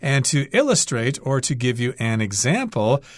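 A male English teacher co-hosting a radio lesson, patiently explaining vocabulary with examples and repeating key words slowly. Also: medium pitch, sing-song, no echo, clean studio sound.

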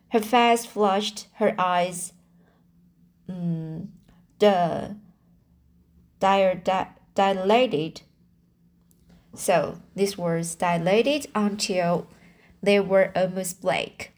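A woman reads a novel aloud at a slow, careful pace, in an average-pitched voice. She stumbles over harder words and goes back to repeat them. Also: fairly even intonation, a little mellow. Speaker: reader.

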